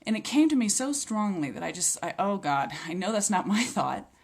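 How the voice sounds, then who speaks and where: A woman's voice: mid-range voice, very animated, moderate pace, vocal fry. A woman giving a personal faith testimony, earnest and reflective, with small hesitations as she tells what happened. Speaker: speaker sharing a healing testimony.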